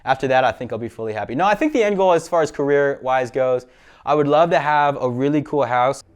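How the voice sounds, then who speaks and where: A man's voice: medium pitch, quick pace, clear, resonant tone. A man from the show's crew chatting casually in a laid-back, joking way. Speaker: show regular. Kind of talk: casual chat.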